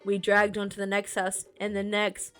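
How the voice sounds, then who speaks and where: A woman's voice: mid-range voice, monotone, normal speed, fairly bright tone, clear, resonant tone, faint music behind. A woman streamer reading a storybook aloud, chatting with viewers and fixing small slips as she goes. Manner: chatty asides to chat, reads with small self-corrections.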